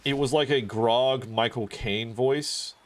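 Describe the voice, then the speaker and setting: A man's voice: medium pitch, slow pace. A man streaming a video game, chatting casually and rambling, with lots of fillers and swearing. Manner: rambling, profane, many fillers. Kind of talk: casual chat while gaming.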